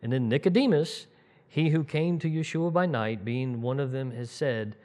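A man preaching a conversational sermon, retelling Bible scenes in an animated way and acting out the voices in them. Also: mid-range voice, moderate pace. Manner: animated, acts out quoted voices, chuckles, restarts sentences. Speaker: preacher teaching the congregation.

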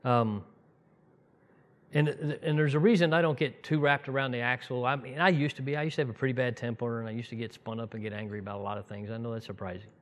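A man's voice: medium pitch, fairly even intonation, fast. Man preaching a conversational sermon. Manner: conversational storytelling, rising to fervent preaching. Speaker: pastor. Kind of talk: sermon with personal stories.

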